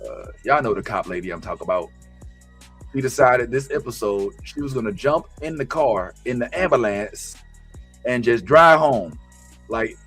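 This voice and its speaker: A man hosting a casual TV recap, animated and slangy, joking his way through the episode. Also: mid-range voice. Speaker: host.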